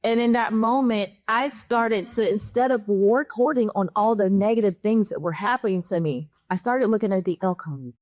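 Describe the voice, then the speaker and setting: A woman's voice: medium pitch, normal speed, few pauses, a little mellow, no echo, clean studio sound. A woman guest on a panel, telling a personal story in a candid, emotional, conversational way. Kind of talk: personal testimony in a panel chat.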